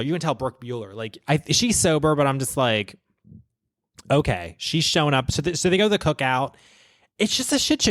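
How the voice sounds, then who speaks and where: A man's voice: mid-range voice, no echo, studio quality. Profane, rambling man podcast host. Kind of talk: casual gossip commentary. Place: podcast studio.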